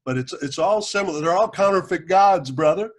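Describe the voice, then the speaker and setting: Man, podcast host, relaxed, joking, slightly high voice. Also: fairly quick. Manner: relaxed, joking, explains in plain terms. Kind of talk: casual interview chat.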